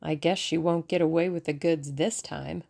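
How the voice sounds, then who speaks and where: A bold, playful young woman playing at detective, theatrical and conspiratorial in manner, as a woman reads her aloud. Her voice is a touch low with a gravelly edge. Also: steady tone, moderate pace, warm tone.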